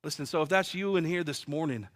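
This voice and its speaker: Earnest man preaching, slightly high voice. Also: fast talker, a bit bright. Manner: vivid storytelling, earnest and emphatic. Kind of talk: sermon with personal testimony.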